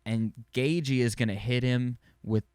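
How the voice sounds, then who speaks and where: A man in his twenties hosting a podcast, rambling casually about fights, excitable and swearing now and then. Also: medium pitch, measured pace, clear, resonant tone, no echo. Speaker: podcast host. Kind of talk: casual sports chat.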